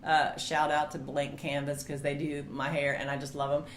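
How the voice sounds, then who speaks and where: A middle-aged woman, chatting casually as co-host of a marriage ministry video and telling stories with lively quoted voices. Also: low voice, moderate pace, a crowd in the background. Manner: chatty storyteller, animated quoting voices. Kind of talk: casual chat. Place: home studio room. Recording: roomy echo, faint hiss.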